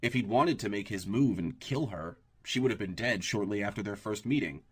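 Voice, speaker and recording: A man narrating an audiobook in a steady, even storytelling manner. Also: fairly low pitch, a little fast, slightly rough.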